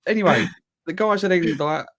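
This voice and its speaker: A man, co-hosting a podcast and telling a long story in casual chat, acting out what people said. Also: normal speed. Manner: animated storyteller, acts out quotes with big pitch jumps. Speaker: podcast co-host.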